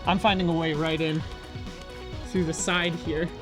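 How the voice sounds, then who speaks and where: A man's voice: on the high side, little pitch movement, measured pace. A man co-hosting a casual gaming show, chatting playfully and laughing often. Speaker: co-host. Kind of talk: casual chat while gaming. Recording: music playing under the voice.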